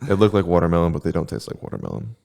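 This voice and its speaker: Young man, very low voice, laid-back deadpan podcast co-host. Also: very fast, gravelly. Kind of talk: casual chat.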